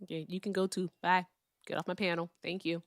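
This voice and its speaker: A woman's voice: on the low side, little pitch movement, fairly quick, dry recording, clean studio sound. A woman hosting a live call-in debate stream, blunt and profane, brushing callers off.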